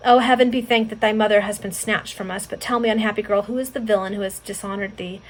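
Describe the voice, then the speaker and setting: A woman's voice: medium pitch, fairly even intonation, quick pace, slight background noise, natural voice, low-quality recording. Woman reading as an anguished old father. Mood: pleading. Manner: anguished, pleading outbursts. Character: heartbroken old father, stern yet tender. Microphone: video call.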